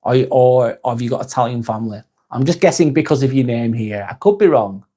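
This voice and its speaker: A man's voice: mid-range voice, lively intonation, a little fast, mellow, breathy edge. A man from northwest England, hosting a live stream in a casual chat style, reading viewer comments aloud and replying in a friendly way.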